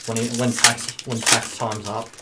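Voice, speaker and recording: A man's voice: mid-range voice, a little slow. A man co-hosting a live card stream, throwing in short wisecracks and interjections. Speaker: co-host. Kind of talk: casual live-stream chat. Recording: steady background noise.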